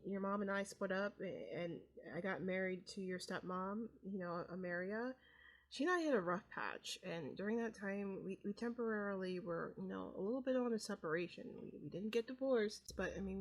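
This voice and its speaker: A woman voicing a sheepish middle-aged father in a life-sim game, talking haltingly and stammering through a confession. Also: mid-range voice, natural voice. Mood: earnest. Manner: hesitant, stammering.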